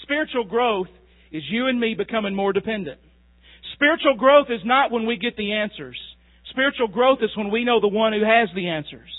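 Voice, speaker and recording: High-voiced preacher, tinny sound. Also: male voice. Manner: folksy storytelling, asks the crowd questions. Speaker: pastor. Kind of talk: sermon.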